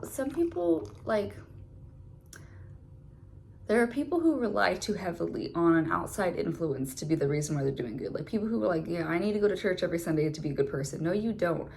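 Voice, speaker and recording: A woman's voice: medium pitch, vocal fry, a little mellow, slight background noise. A woman giving a casual tarot reading, chatty and full of filler words. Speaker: tarot reader.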